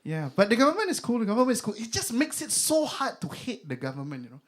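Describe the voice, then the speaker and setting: A man's voice: extremely high pitch, huge pitch swings, quick pace. A young man with a Singaporean accent performing a stand-up comedy set, chatty and loose, with lots of fillers. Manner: conversational, filler-heavy, mock voices for bits.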